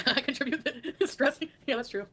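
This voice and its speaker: A woman's voice: high voice, moderate pace, fairly bright tone. A woman livestreaming casually, reading out and answering chat, laughing often and breaking into bits of song. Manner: thanks chat by name, laughs often, sings snatches.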